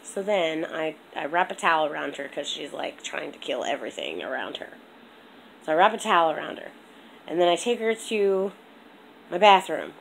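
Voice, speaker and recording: A young woman chatting on a home vlog, rambling and animated, with a congested throat. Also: low-pitched, normal speed, gravelly, slight background noise, low-quality recording. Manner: rambling, animated storytelling with lots of "like". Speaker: vlogger. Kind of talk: casual vlog chat.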